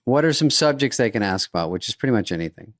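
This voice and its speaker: A man's voice: mid-range voice, expressive, quick pace, no echo. A man co-hosting a podcast in casual chat, dry and offhand with wry asides. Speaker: podcast co-host.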